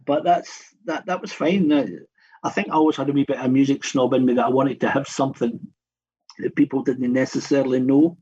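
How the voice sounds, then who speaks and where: A husky man in his fifties chats as a radio guest, wandering through long stories and often circling back to restart a sentence. His voice has a slightly breathy edge at an everyday middle pitch. The recording sounds a little dull and muffled. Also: fairly even intonation, brisk, warm tone. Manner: rambling anecdotal storyteller with frequent restarts. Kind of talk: casual radio chat.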